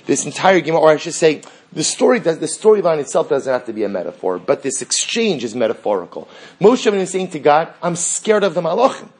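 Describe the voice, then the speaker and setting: A man teaching a Talmud class, telling the story with animated dialogue and rhetorical questions. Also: a little high, fast talker, husky. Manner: animated storytelling, acting out dialogue between characters; frequent restarts and rhetorical questions. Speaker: Torah teacher.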